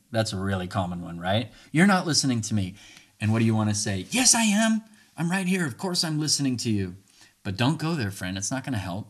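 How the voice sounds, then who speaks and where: A man delivers a casual monologue about communicating through relationship conflicts, acting out both people in the exchange. His voice leaps between pitches as he plays each role, and he laughs often.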